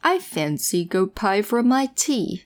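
A woman voicing a greedy, hungry male troll in a storybook reading, drawing out his words slowly. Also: mid-range voice, very animated. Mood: gloating. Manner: slow, grunting, gloating.

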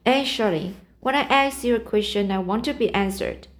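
A woman's voice: mid-range voice, normal speed, close to an everyday voice. A woman voicing a strict older woman who scolds firmly, read from a storybook. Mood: stern. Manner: firm, scolding.

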